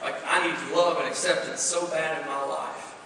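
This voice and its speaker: A man with a Southern US accent preaching a storytelling sermon to a youth crowd, animated and rising to shouts. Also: fairly high pitch, normal speed, gravelly, a little hiss or hum. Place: large indoor youth venue. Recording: echoey hall from far off, faint ambience.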